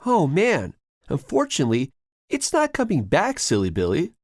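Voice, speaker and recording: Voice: a little slow, no room sound, clean studio sound. A narrator voicing Timothy, a frightened, sarcastic boy, in a storybook reading with piano. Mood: annoyed. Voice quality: high, excited and shrill.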